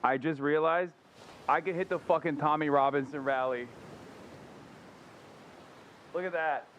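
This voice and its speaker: A man's voice: on the high side, fairly even intonation, measured pace, fairly bright tone, dull audio, a little hiss or hum. A man hosting a livestream and giving heated, sarcastic, profane reaction commentary. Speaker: livestream host.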